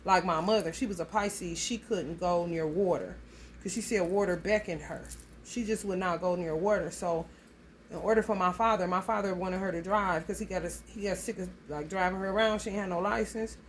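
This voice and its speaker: A woman's voice: lowish voice, fairly even intonation, fairly quick, slight background noise. A woman, giving a casual astrology reading in a blunt, profane, storytelling way. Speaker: astrology reader. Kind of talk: casual tarot reading monologue.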